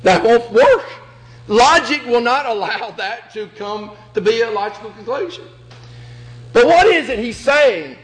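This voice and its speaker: A man's voice: very high-pitched, lively intonation, a little slow, low-quality recording. A man preaching a sermon with emphasis, acting out the scripture he quotes.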